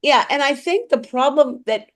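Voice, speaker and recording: A woman's voice: high-pitched, normal speed. A woman co-hosting a casual political chat, blunt and a little profane, who often restarts her sentences. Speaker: co-host.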